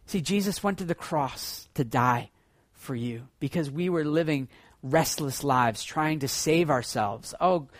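A man preaching a sermon as pastor, swinging between loud excited bursts and hushed low passages. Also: unhurried, no echo, studio quality.

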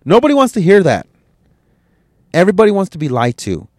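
A man in his thirties hosting a podcast, giving a blunt, profane motivational rant that swings from quiet musing to loud scolding. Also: fairly high pitch, very animated, brisk, no room sound, studio quality. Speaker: podcast host.

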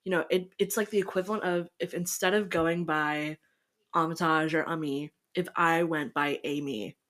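A woman's voice: low voice, fairly even intonation, normal speed, fairly bright tone. A woman in her twenties hosting a casual podcast chat, giggly and eager to explain, often restarting her sentences. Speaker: podcast host.

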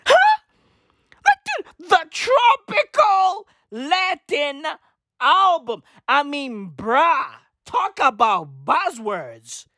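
A woman's voice: wildly swooping pitch, drawn-out words, bright, forceful tone, no echo, studio quality. Profane, mocking woman ranting. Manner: profane, mocking, with exaggerated pitch swings. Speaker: vlogger. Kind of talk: profane comedic rant.

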